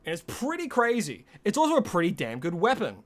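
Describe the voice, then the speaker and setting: A man's voice: high voice, huge pitch swings, a little fast. A young man chatting casually with his live-stream audience, swearing freely and laughing often. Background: faint music.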